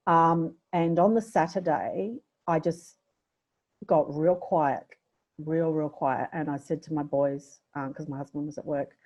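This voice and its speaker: A middle-aged Australian woman tells a personal story as a podcast guest, candid and reflective. Her voice sits low and mellow. The recording is dull and lo-fi. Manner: candid, reflective, emotional at times. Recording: dull lo-fi audio.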